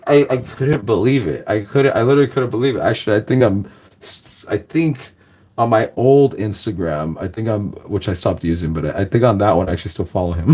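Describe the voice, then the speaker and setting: A young man rambling through a party story to his viewers. He talks loosely and laughs a lot, with his voice at an everyday middle pitch. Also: darkish tone. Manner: loose and laughing, full of "like" and "guys". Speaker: streamer telling a story.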